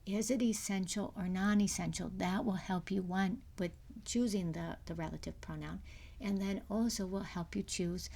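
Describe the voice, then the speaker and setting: A middle-aged woman giving a recorded grammar lecture, her voice carrying a gravelly fry. She explains step by step, stopping for fillers and restarts and sometimes dropping to a near-whisper. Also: medium pitch, moderate pace, dark tone. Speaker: university English instructor.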